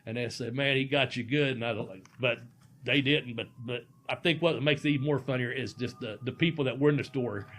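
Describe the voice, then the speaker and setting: A man's voice: mid-range voice, a little fast, fairly bright tone, a little hiss or hum. A man hosting a podcast, telling a profane story and laughing through it. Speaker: podcast host, former wrestler. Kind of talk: casual storytelling.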